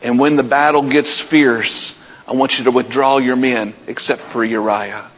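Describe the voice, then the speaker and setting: A man's voice: medium pitch, steady tone, moderate pace, a bit bright. Guy preaching, fired up, muffled lo-fi sound, big echoey church. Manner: preaching with rising intensity, retelling scripture stories. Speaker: pastor. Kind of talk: sermon. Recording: dull sound with long hall reverb.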